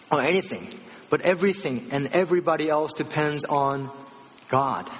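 A man preaching a sermon, retelling scripture with animated voices for the people in the story. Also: on the high side, long reverb tail. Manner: animated storytelling, acting out dialogue.

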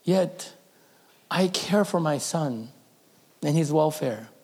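A man's voice: on the high side, expressive, slow pace, a little mellow, a little hiss or hum. A middle-aged man, a pastor, telling a personal story in a sermon, emotional and at times dropping to a whisper.

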